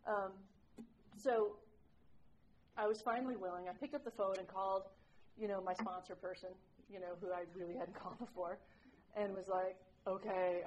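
A woman's voice: mid-range voice, slight background noise, poor audio. A woman sharing her recovery story with a group, candid and self-mocking, rambling with lots of "like"s. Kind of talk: personal recovery share to a group.

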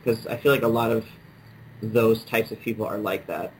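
A man's voice: fairly low pitch, fairly even intonation, moderate pace, low-quality recording. Man, podcast co-host, casual chat, sarcastic, faint room noise behind. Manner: sarcastic, incredulous banter.

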